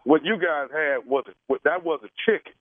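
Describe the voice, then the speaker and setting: A man's voice: on the high side, moderate pace, no echo. A man making a prank phone call as a radio host, hesitant and stalling with lots of fillers. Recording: tinny phone line.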